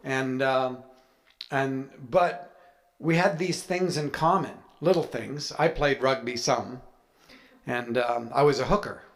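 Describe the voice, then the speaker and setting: A man's voice: mid-range voice, takes it slowly. A man, an author, telling a chatty, anecdotal story with playful humor to a live audience. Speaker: author speaking at a writers' event.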